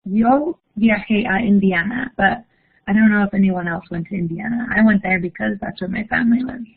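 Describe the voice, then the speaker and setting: A woman's voice: medium pitch, a little fast, vocal fry, slightly rough. Young woman teacher on an online class, cheery and encouraging, audio sounds tinny like a phone. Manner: upbeat, encouraging, reads chat aloud. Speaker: Spanish teacher.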